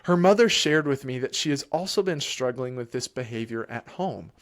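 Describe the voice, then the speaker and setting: A man who is a child therapist, answering parents' questions live in a calm, emphatic way and repeating key phrases. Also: medium pitch, normal speed. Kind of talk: live Q&A advice.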